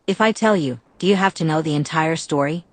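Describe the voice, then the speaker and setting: A woman's voice: low-pitched, fairly quick, no room sound. A woman voicing a reluctant, sighing male vampire in an audiobook. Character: reluctant, grumbling man vampire.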